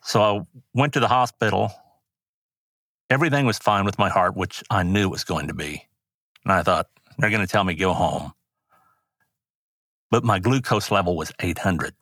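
A man's voice: lowish voice, normal speed, fairly bright tone, no echo, studio quality. An older man, a rodeo announcer, earnestly telling personal stories in an interview with many restarts. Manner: earnest, rambling anecdotes with restarts.

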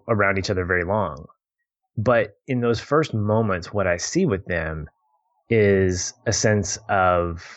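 Man, low, thoughtful talker, muffled lo-fi audio. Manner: reflective, laughs easily. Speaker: podcast co-host discussing a film. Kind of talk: casual chat. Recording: dull lo-fi audio.

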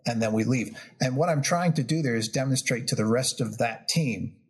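A man's voice: mid-range voice, normal speed. A man in his fifties from New York, with a New York accent, telling negotiation stories as an interview guest and acting out the quotes. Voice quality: husky, gravelly. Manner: animated storyteller, acts out quotes. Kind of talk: storytelling interview.

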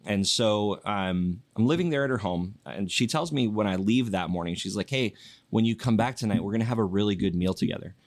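Low-voiced pastor telling a lively story. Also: male voice, brisk, no echo. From Yakima, Washington. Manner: animated storyteller, laughs easily. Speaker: pastor guest. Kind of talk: casual storytelling in a podcast interview.

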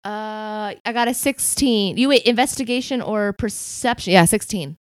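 A woman's voice: medium pitch, moderate pace, dry recording. Woman player, chatty and scattered, dry close recording. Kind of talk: casual game chat.

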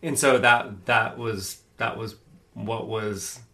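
A man's voice: on the low side, steady tone, slow pace, vocal fry, bright, forceful tone. A man co-hosting a casual parenting podcast who talks hesitantly, often searching for his words. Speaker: podcast co-host, parenting coach.

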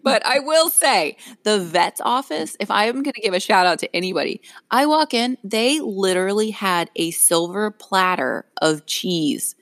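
A woman's voice: mid-range voice, animated, moderate pace, hardly any pauses, a bit bright, no room sound, clean studio sound. A middle-aged woman co-hosting a podcast, telling a story in casual chat, laughing often and acting out what others said. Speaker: podcast co-host.

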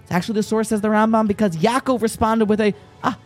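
A man's voice: high-pitched, steady tone, fast talker, soft background music. A man from Virginia giving a folksy, storytelling Torah talk and speaking straight to his listeners. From Virginia, American South. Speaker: Torah teacher.

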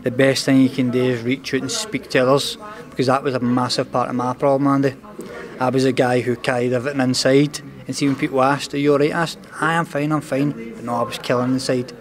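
A man's voice: mid-range voice, flat delivery, quick pace. A young Scottish man with a Glasgow accent, talking earnestly in an interview as a boxer, padding nearly every sentence with "mate" and "know what I mean". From Scotland. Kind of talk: candid interview talk.

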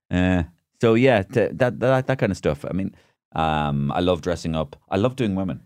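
A man's voice: sits low, moderate pace, darkish tone, clean tone, dry recording, studio quality. A middle-aged Irish man, a comedian and impressionist, chatting casually in an interview and slipping into impressions mid-sentence.

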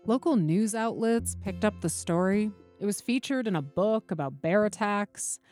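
A woman narrating a true story in a calm storytelling way, with a lively voice that rises and falls a lot. Her pitch sits in the middle for a woman, and faint music plays behind her. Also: normal speed. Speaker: podcast host and narrator. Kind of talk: scripted narration with interview questions.

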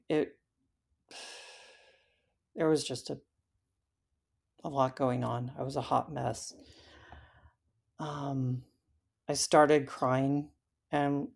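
A woman as an interview guest, telling her story in a halting way with frequent fillers. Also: deep voice, creaky, a little mellow, breathy edge. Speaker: interview guest recounting a hike.

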